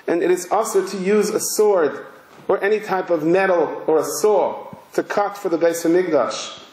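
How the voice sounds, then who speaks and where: A male rabbi giving a sermon, telling a story slowly and emphatically. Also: high-pitched, darkish tone. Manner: slow, emphatic, vivid narration. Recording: roomy hall echo.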